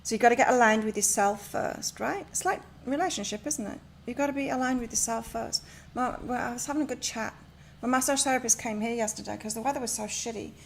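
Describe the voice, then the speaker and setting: A woman's voice: a little high, fast, vocal fry, few pauses, a little hiss or hum. A woman reading tarot and oracle cards on a live stream from her home, chatting and rambling as she gives spiritual advice. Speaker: tarot and oracle card reader.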